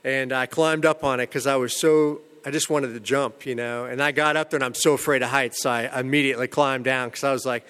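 A man telling his own recovery story in a candid, rambling way, full of "you know" and "man", with self-mocking humor about a dark past. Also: mid-range voice, fairly even intonation, fairly quick, hardly any pauses, clear, resonant tone, big-room sound.

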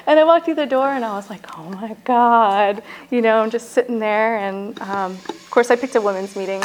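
A woman's voice: on the high side, a little hiss or hum, low-quality recording. Candid woman sharing her recovery story. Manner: candid, halting, full of "like" and "you know". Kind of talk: personal testimony.

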